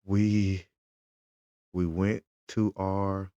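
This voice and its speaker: A man's voice: sits low, extremely slow, dry recording, dull audio. A father, casually retelling his day as a fan and acting out the conversations he had. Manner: animated, retells conversations in quotes. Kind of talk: casual storytelling vlog.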